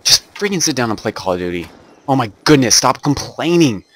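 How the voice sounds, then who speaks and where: A young man from the American South, loud and excitable as he trash-talks his friends mid-match. His pitch leaps wildly between low mutters and high whoops. Clear gunfire and explosions from the game crackle behind him. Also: fairly quick. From Southern United States. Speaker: gamer. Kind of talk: casual gaming commentary.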